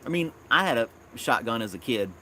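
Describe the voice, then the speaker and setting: A man's voice: medium pitch, lively intonation, fairly quick, sharp tone, a little hiss or hum. A man from Tennessee, hosting a casual live stream outdoors in his backyard, rambling and chuckling often.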